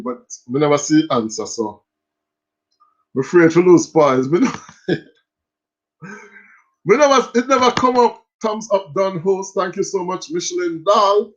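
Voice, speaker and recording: A man with a Jamaican accent hosting a live quiz stream, joking and reading viewer comments aloud. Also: on the high side. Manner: animated, joking, reads chat comments aloud. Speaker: quiz host. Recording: lo-fi stream audio.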